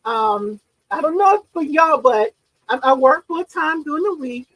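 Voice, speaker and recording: On a low-quality recording, a woman with a high-pitched voice chats unhurriedly with viewers during a casual livestream she hosts. She comes across as bubbly and excitable, laughing frequently.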